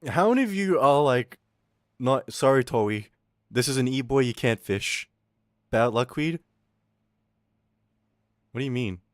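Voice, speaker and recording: Animated swearing young male streamer. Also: mid-range voice, a little slow, long pauses, dry recording, clean studio sound. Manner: loud, swearing, laughing, animated ranting. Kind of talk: casual stream chat reading chat.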